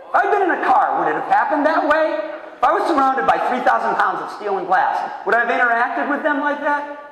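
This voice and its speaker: A man in his fifties delivers a keynote talk in a large hall, his fairly high voice bouncing around the room with heavy echo. He tells stories with animation, acting out other people's lines. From Massachusetts, USA. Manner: animated storyteller, acts out voices with big pitch jumps. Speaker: keynote speaker. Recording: echoey hall, heard from far off.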